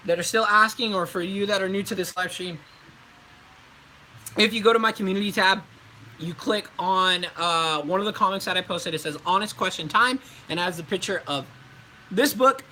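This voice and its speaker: A young man with a high, very bright and forceful voice talks through voice acting tips on a casual livestream. His delivery is chatty and loose, full of fillers and restarts. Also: normal speed, long pauses, a little hiss or hum, low-quality recording. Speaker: voice actor.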